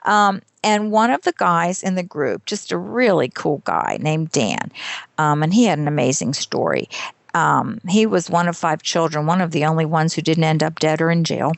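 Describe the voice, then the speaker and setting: A woman's voice: sits low, lively intonation, normal speed, creaky, no room sound. A woman in her fifties, a guest author telling her story in a casual interview with a candid, self-deprecating manner.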